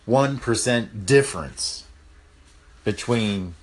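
A man's voice: lowish voice, lively intonation, takes it slowly. A man hosting a call-in radio show, rambling and chuckling wryly as he talks. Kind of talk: casual call-in talk.

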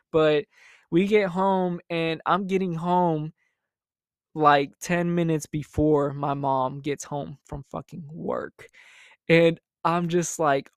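Brief: young guy, slightly high voice, profane chatty storyteller, dry close mic. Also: dry recording. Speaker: storytime host. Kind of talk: casual storytelling monologue.

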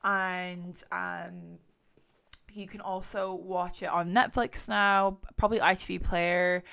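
A woman's voice: fairly low pitch, creaky, fairly bright tone. A woman hosting a true crime podcast, chatting casually with a rambling, sweary manner. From England. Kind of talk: casual chat.

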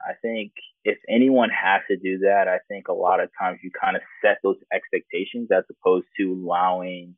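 Deep-voiced man on a tinny line. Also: little pitch movement, normal speed, few pauses, dry recording. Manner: reflective, easygoing storyteller. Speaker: interview guest. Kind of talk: casual personal storytelling. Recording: tinny phone-like dry sound.

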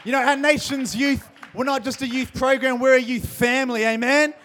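A young Australian man, a youth pastor, hosting a youth service in a big hall, hyped and jokey, often shouting out to the crowd. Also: very high voice, fairly even intonation, normal speed, slight background noise. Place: large hall with live audience.

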